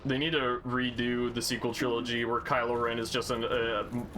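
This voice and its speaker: Dude streaming a game, swears a lot, jokey fake-offended, bit of faint noise. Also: male voice, mid-range voice, flat delivery, moderate pace, bright, forceful tone. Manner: profane, joking, mock-indignant. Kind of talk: casual gaming chat.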